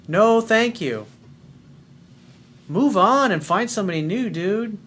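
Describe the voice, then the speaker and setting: A man's voice: sits high, moderate pace, fairly bright tone. A man coaching on dating in a casual monologue, blunt and emphatic, swearing freely as he reads and answers a viewer's message.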